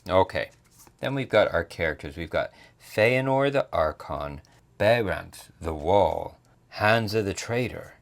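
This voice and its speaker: A man talks through a board game unboxing in a casual, joking way. His voice is fairly low, and his pitch jumps around a lot. He makes playful asides as he works. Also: expressive, unhurried, creaky. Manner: playful, jokey commentary.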